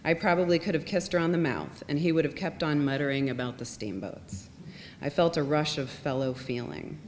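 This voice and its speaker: A woman with a low voice reads literary fiction aloud, measured and softly expressive. Her voice trails into a long reverb, with a faint rumble underneath. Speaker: reader.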